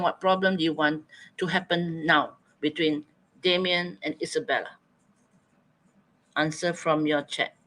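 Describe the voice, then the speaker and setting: A man leads an online writing lesson, prompting students to answer in the chat. He thinks out loud and reads their suggestions back to them. His voice sits a little high for a man. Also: rough recording. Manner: coaxing, thinking aloud, repeating students' answers. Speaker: teacher.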